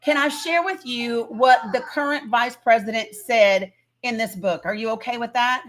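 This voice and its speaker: A woman's voice: on the high side, normal speed. A woman from Northeast Tennessee hosting a political live stream, talking emphatically and insistently while greeting viewers in the chat.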